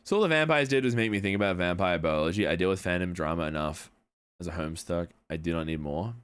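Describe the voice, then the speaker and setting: A man's voice: deep voice, quick pace, fairly bright tone, clear, resonant tone. A young man chatting casually on a livestream, rambling, swearing now and then, and answering chat messages. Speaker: streamer.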